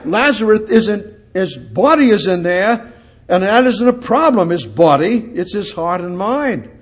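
A man with a husky, fairly high voice preaches through scripture at an unhurried pace. He lingers on each verse he reads and then builds into urgent, rising exclamations. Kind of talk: verse-by-verse sermon.

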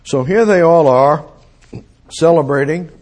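A man's voice: a little high, a little slow, darkish tone. A man preaching a sermon in an emphatic way, repeating his phrases and breaking into exclamations.

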